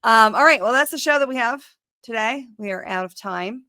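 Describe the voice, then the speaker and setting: A woman's voice: a little high, moderate pace, bright, forceful tone, no echo, studio quality. A woman hosting a casual political chat show over a video call, talking emphatically and pushing back in debate. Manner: emphatic and argumentative. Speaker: show host.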